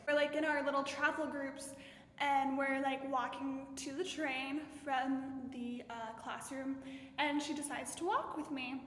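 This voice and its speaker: A young college woman with a high voice tells a story with bubbly energy, leaning on "like" every few words. The room echoes around her, with a long reverb tail. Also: flat delivery, unhurried, a bit bright. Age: young adult. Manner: bubbly storytelling, heavy use of "like". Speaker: college student vlogger. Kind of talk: casual chat. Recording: roomy echo with long reverb.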